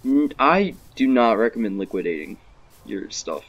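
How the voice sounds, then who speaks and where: A man chats casually with a friend while they play a game, teasing and bragging with lively swings in pitch. He talks at a normal speed, and the recording has its highs cut off.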